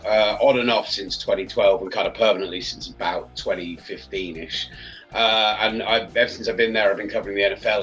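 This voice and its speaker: Bright-voiced man, chatty storyteller. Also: on the low side. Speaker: sports radio presenter, guest. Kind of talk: casual podcast chat. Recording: slightly dull, lo-fi sound.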